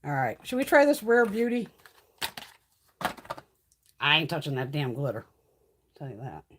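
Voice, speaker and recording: Woman, breathy voice, animated pitch, chatty, swears a lot, makeup livestream host. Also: a little slow. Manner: chatty and salty, swears freely; coos in baby talk at her cats. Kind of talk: casual livestream chat. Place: at home.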